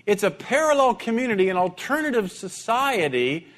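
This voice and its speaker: High-voiced conversational male preacher. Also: sing-song, normal speed, fairly bright tone. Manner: conversational, repeats words when restarting. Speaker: pastor. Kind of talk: sermon.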